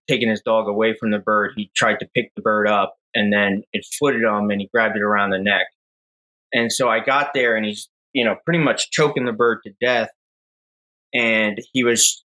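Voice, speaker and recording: A young man with a bright, forward voice tells a story to podcast hosts. He rambles casually, filling gaps with "um" and "like" as he pieces the story together. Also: on the low side, rough recording. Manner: rambling, relaxed storyteller with many fillers. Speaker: podcast guest, falconer.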